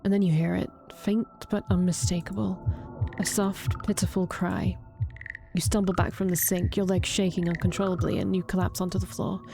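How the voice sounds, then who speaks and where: A woman reading a horror visual novel aloud, drawing out the grisly parts slowly with brief reactions. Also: on the low side, level tone, creaky, music in the background. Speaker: streamer reading a game aloud.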